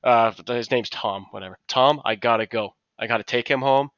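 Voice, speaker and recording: Man, casual podcast storyteller, bright, lively, acts out his coworkers' lines. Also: mid-range voice, moderate pace, no room sound, dull audio. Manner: animated, acts out quotes of coworkers. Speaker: podcast co-host.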